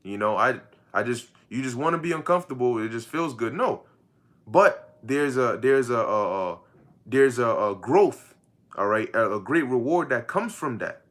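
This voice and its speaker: A man's voice: mid-range voice, lively intonation, moderate pace, a bit bright. A man giving an informal, conversational Bible teaching, often repeating words and asking the listener questions. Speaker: preacher.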